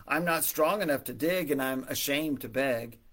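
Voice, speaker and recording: A man's voice: medium pitch, moderate pace, fairly bright tone, natural voice. A man doing a panicky scheming manager. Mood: anxious. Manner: anxious, scheming. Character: panicky manager about to be fired.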